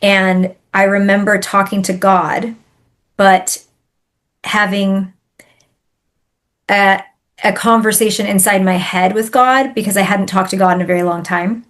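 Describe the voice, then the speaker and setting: A woman, a spiritual healer, telling a personal story in a podcast interview in an animated, emphatic way. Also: medium pitch, a little slow, long pauses.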